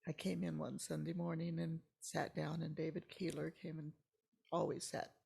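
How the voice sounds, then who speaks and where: Older woman, gravelly and husky, halting emotional storyteller, slips into near-whispers. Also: sits low, little pitch movement, dark tone. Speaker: church member guest. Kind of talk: personal storytelling interview.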